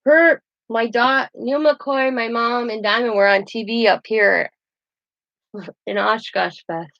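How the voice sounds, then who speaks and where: Brief: Midwestern woman vlogger, fairly high voice, chatty rambling storyteller, dry muffled home recording. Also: fairly even intonation, slow, vocal fry, dry recording. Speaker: craft channel host. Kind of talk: casual show-and-tell vlog.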